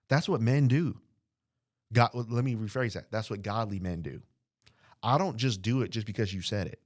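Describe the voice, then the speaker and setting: Guy preaching on a podcast, lowish voice, dry close sound, keeps asking questions. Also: moderate pace, no echo. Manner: earnest, repeats phrases, asks the listeners questions; acts out short dialogues. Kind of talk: podcast sermon teaching.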